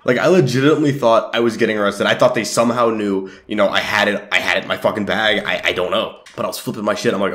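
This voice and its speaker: A teenage boy telling a life story to camera in a rambling, casual way, swearing often and swinging his pitch up and down. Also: fast, few pauses, a bit bright. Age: teens. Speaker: YouTuber storyteller.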